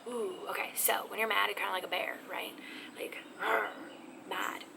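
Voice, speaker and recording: A woman teaching a casual video lesson on sign language, talking in an animated, expressive, chatty way. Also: mid-range voice, a little fast, vocal fry. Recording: noisy background.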